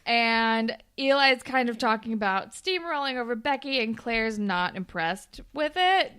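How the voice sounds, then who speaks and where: Woman, podcast co-host, casual recap chat, somewhat high pitch, animated retelling. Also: unhurried, clean tone. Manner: chatty, animated retelling with quoted voices and swearing.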